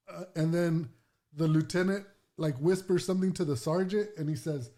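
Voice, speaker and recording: A man who is a podcast guest, chatting casually and calmly, stepping in to correct the details of the story. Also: fairly high pitch. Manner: measured, chimes in to correct details.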